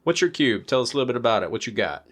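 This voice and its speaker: Podcast host guy, jokey, voice bounces all over the place. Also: very fast. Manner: animated, jokey, pitch jumps when excited. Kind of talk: casual podcast chat.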